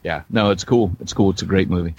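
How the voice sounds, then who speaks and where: An American man co-hosting a podcast, telling stories in casual chat with a joking, animated manner. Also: sits low, fast, muffled recording, a little hiss or hum. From United States. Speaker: podcast co-host. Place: San Diego area.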